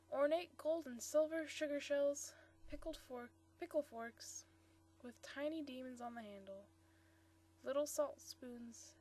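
A woman's voice: high-pitched, darkish tone. A woman reading a short story aloud, stumbling now and then and correcting herself. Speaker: story reader.

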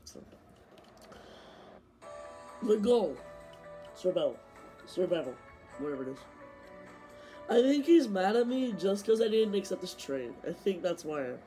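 A young man commentating his own racing game, excitable and complaining, saying he is losing his voice. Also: sits high, measured pace, long pauses, soft background music. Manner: excitable, complaining, bursts of yelling. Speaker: gaming streamer. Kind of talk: live gameplay commentary.

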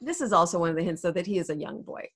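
A woman's voice: lowish voice, animated, very fast, noisy background. Chatty woman teacher explaining a play. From United States. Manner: chatty and explanatory, laughs easily. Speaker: English teacher. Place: home room. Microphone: desk mic.

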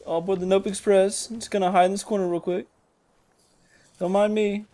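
A gamer giving jokey, excitable commentary over a shooter game, yelling at other players with sudden leaps in pitch. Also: normal speed. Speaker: gaming commentator. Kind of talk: gameplay commentary.

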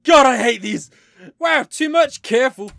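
A man's voice: extremely high pitch, lively intonation, unhurried, vocal fry, a bit bright. A man playing a game, reading the dialogue aloud in different voices, swearing and joking between lines. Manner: swears and laughs often, jokey asides. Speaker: let's play gamer.

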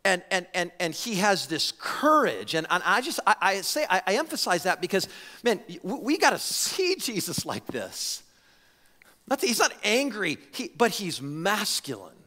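A man preaching a sermon as a pastor, talking in an animated, conversational way with frequent restarts. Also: high-pitched, moderate pace, long reverb tail. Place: church sanctuary.

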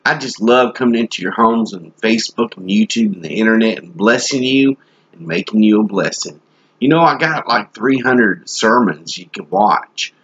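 Male preacher doing a joking, rambling comic sermon; somewhat deep, breathy tone on a muffled recording. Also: animated, normal speed, a bit bright. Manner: folksy, joking, rambling delivery.

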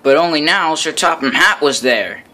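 Storyteller, male, lively rising and falling pitch, higher voice, laughs between lines. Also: moderate pace. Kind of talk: fan storybook narration.

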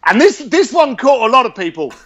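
A man being interviewed, telling stories in a casual, animated and blunt way, swearing freely. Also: extremely high pitch, fairly quick. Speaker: interview guest. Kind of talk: casual storytelling.

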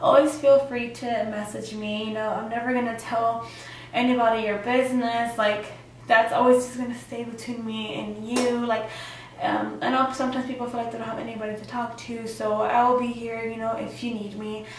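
A woman's voice: a little high, flat delivery, normal speed, heavy reverb, far from the mic, a little hiss or hum, poor audio. A young woman vlogger telling her personal story in a chatty way, with lots of fillers and acted-out quotes. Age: young adult.

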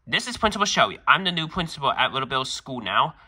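A man's voice: medium pitch, sing-song, quick pace, bright, forceful tone, husky, heavily acted. A man voicing a stern school principal who scolds a boy and keeps repeating his name in a fan-made cartoon skit. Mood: scolding.

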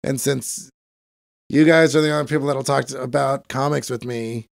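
A man's voice: mid-range voice, steady tone, normal speed, vocal fry, no echo. A man co-hosting a casual podcast chat, rambling and profane, sick for days. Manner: rambling, profane, self-mocking. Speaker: podcast co-host.

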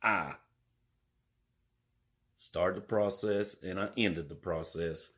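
A man's voice: deep voice, slow pace, a bit bright, husky. A man, rambling and joking his way through an indoor vlog. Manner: rambling, jokey, drawling. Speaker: vlogger.

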